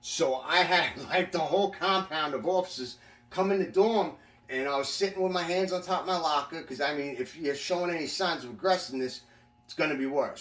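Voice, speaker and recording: Recorded from across an echoey room, a man with a somewhat high, slightly bright voice recounts his prison days in a relaxed, storytelling way. His telling is profane and meandering, full of false starts.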